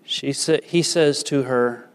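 A man delivering a sermon at an unhurried, deliberate pace, pitched in an ordinary middle range. He leans into key words with rising emphasis. His voice carries the long reverb of a large church hall. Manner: slow, measured preaching with emphatic rises. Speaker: pastor.

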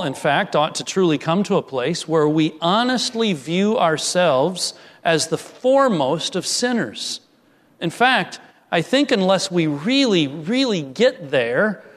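A man preaching a sermon, earnest, rising to emphatic peaks and dropping to soft, quiet lines. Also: high voice, in a large hall. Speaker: pastor.

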